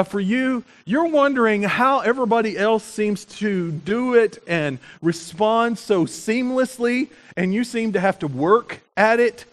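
A man with a notably high voice delivers a church sermon. He talks in a loose, conversational storytelling way, with frequent fillers and restarts. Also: fairly bright tone. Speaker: pastor. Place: church sanctuary.

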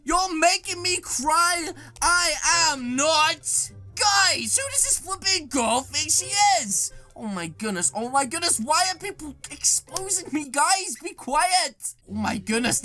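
High, lively woman gaming commentator. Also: unhurried, few pauses, soft background music. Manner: exclamatory, dramatic reactions. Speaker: gaming YouTuber. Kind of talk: excitable game commentary.

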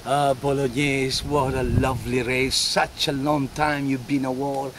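An actor playing a medieval friar jester who mocks a warlike crowd with theatrical praise and sudden shouts. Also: male voice, mid-range voice, little pitch movement, unhurried, background noise, pitched below the performer's own voice, close to an everyday voice. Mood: sarcastic. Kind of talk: one-man stage performance.

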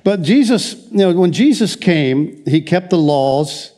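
A man's voice: sits high, expressive, unhurried, dark tone. A middle-aged American man preaching a sermon as pastor, conversational and rambling, often restarting his sentences. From United States.

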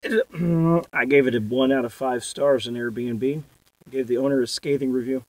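A man with a rough voice joking in mock complaint during a casual car vlog. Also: mid-range voice, fairly even intonation, moderate pace, a little mellow, dry recording, recorded from a distance, poor audio. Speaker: guest car vlogger. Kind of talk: joking banter.

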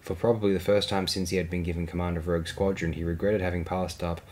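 A man reading a science fiction novel aloud in a steady, measured narration. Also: low-pitched, poor audio. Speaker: audiobook reader. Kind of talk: fan audiobook narration.

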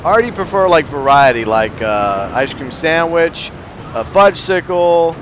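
A man's voice: fairly high pitch, animated, measured pace, fairly bright tone, slight background noise. A man hosting a let's play, casually and playfully commenting on his game and joking with viewers. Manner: playful, jokey, talks to viewers. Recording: game sound audible behind the voice. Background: game car and city sounds.

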